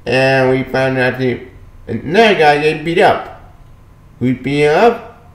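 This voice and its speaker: A man casually reviewing a comic book, dismissive and quick to brush off plot points he doesn't care about. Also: medium pitch, expressive, reverberant.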